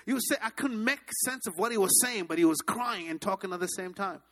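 A man preaching a sermon, telling stories with lively energy and leading the congregation in repeating phrases. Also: sits high, fairly quick. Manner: animated storytelling, leads the congregation in repeating phrases. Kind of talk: sermon with storytelling.

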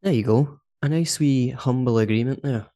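A man's voice: medium pitch, normal speed, mellow. A Scottish man co-hosting a podcast in casual chat, talkative and laughing often. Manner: chatty, laughs often, says "do you know what I mean". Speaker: podcast co-host.

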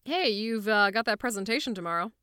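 A woman's voice: medium pitch, expressive, brisk, sharp tone, clear, resonant tone, dry recording, studio quality. A woman voicing a cheery, overbearing male archangel boss in a podfic audio drama. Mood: breezy. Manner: breezy, hearty, pushy.

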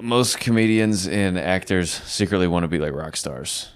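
A man who does stand-up chats loosely on a podcast. His voice is smooth and fairly low. He spins wry stories and drops dry asides. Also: moderate pace. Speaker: stand-up comedian. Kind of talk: casual podcast chat.

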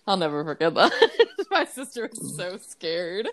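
A woman's voice: fairly low pitch, big pitch swings, a little slow. A young woman hosting a podcast, chatting casually with a friend, laughing often and cutting in on him. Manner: giggly, laughs often, talks over the other speaker. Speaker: podcast host. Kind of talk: casual chat. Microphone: phone call.

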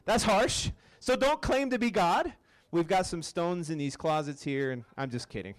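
A campus ministry speaker with a high, expressive voice delivers a sermon to a campus group at a normal pace. His style is casual and joking, and he keeps checking in with the crowd by asking "right?"

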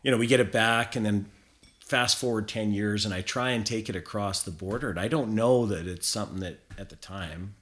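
A man's voice: on the low side, a little fast, fairly bright tone. A man from Canada telling a long anecdote as a guest in a casual chat, rambling with lots of fillers and restarts.

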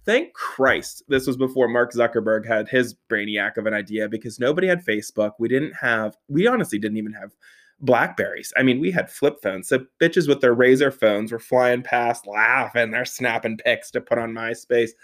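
A man's voice: medium pitch, moderate pace. Laughing man telling a wild story. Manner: animated, profane, laughing often while telling the story. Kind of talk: casual anecdote telling.

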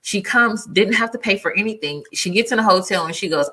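A woman tells a story in an animated, emphatic way. Her voice is bright and forward, with a husky edge. She speaks in a relaxed, chatty tone. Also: on the low side, a little fast, few pauses. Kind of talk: casual storytelling chat.

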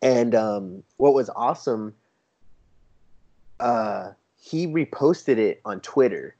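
A man chatting casually as a guest, an enthusiastic storyteller who acts out what others said in a lively, raised voice. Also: mid-range voice, takes it slowly. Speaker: toy photographer guest. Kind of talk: casual chat. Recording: dull lo-fi sound.

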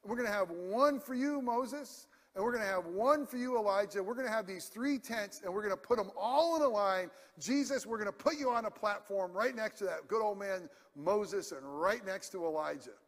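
A man's voice: sits high, normal speed, hardly any pauses. A man preaching a sermon as pastor, passionate and emphatic yet conversational. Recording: long hall reverb.

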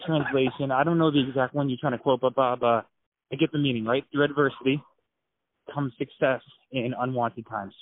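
A man talks quickly and earnestly, coaching his friend through a hard week in a casual podcast chat. The sound is dry and tinny, like a phone line. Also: medium pitch, steady tone, no echo. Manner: fast, earnest, motivational, asks follow-up questions. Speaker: podcast co-host.

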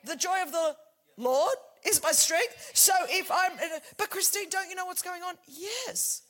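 A woman in her forties delivers a fervent sermon in a high, bright voice. She drops to near-whispers for intimate points, then rises to shouted declarations. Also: a little slow. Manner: passionate, swings from hushed to shouting. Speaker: preacher.

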